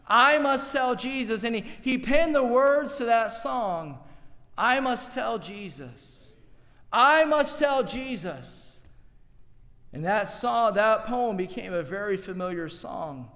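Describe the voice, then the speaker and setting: A man preaching a sermon with fervor, stumbling over and repeating words, swinging between loud and hushed. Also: sits high. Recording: long reverb of a large hall.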